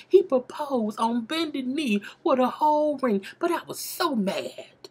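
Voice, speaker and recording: Woman, young adult, husky voice, lively swooping pitch, casual gossipy recap, chatty asides. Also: measured pace, few pauses. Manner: animated, gossipy, frequent "okay?" asides. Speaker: show recapper.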